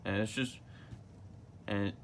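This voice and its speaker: A man's voice: fairly low pitch, fairly even intonation, slow, a little hiss or hum. A man voicing a plucky female squirrel from a cartoon, with folksy drawling talk. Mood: determined.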